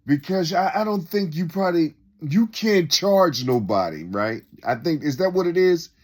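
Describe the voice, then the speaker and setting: A man's voice: a little high, animated, moderate pace. A man in a rambling, unscripted monologue who keeps asking rhetorical questions and repeating himself. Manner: unscripted, loose and conversational. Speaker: speaker sharing reflections.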